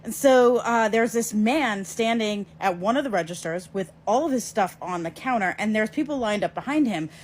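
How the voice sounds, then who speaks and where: In a casual vlog, a woman recounts something from her own life straight to camera, lively and emphatic, dropping quick asides to the viewer. Her voice is mid-range, and a faint hiss or hum sits under the recording.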